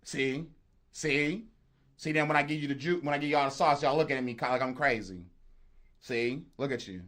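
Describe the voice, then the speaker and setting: Speaking a little quickly at a medium pitch, this man makes beats on a livestream. He's lively and playful, joking around and addressing the chat head-on in a casual way.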